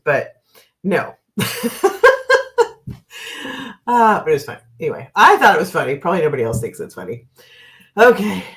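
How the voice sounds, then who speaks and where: A middle-aged woman from Oregon, a card and dowsing reader, chatting casually on a livestream in a rambling way and laughing often. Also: low-pitched. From Oregon, US West Coast.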